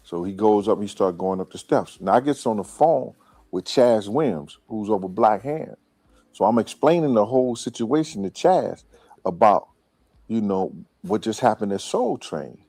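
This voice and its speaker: A man's voice: fairly low pitch, animated, normal speed, mellow, no room sound. A man recounting a personal story in casual slang, played from an interview clip. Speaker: interview guest.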